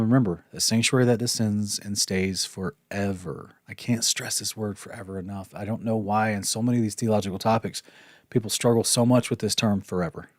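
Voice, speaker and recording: A man's voice: on the low side, a little mellow, dry recording, clean studio sound. A man teaching a casual Bible study lesson, talking things through conversationally with restarts and asides. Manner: conversational, thinks aloud with restarts and apologies.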